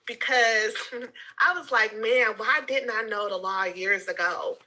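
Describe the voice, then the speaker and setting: Bright, animated woman sharing a story. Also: fairly high pitch, slow pace, low-quality recording. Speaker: group participant. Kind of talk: casual chat.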